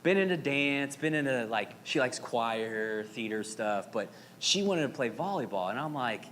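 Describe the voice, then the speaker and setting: A man in his thirties from Arizona, preaching a sermon as pastor with animated, dramatic storytelling and playful asides. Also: mid-range voice, moderate pace. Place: church sanctuary. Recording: reverberant hall with faint noise.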